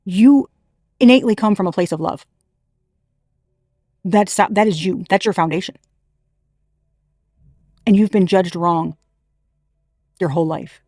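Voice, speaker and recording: A woman's voice: lowish voice, measured pace, pauses often, warm tone, no room sound. Woman tarot reader, chatty and emphatic, freely swearing, dry close sound. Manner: chatty, emphatic, laughs often, swears casually. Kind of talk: casual spiritual reading to camera.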